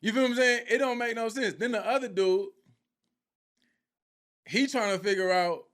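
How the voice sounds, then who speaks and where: Animated man retelling a show. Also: sits high, normal speed. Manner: lively storytelling with quoted voices. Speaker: faith teacher. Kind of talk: animated live teaching.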